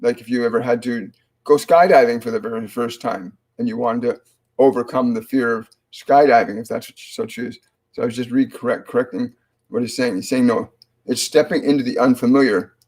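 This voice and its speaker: A man hosting a live psychic reading, calmly relaying spirit messages in a halting way full of restarts and fillers. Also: medium pitch. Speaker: psychic medium host.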